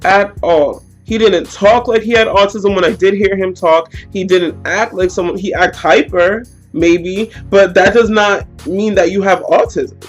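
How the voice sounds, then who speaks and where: A woman's voice: medium pitch, measured pace, few pauses, faint music behind. A young woman telling a heated, slangy story in a storytime vlog. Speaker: vlogger.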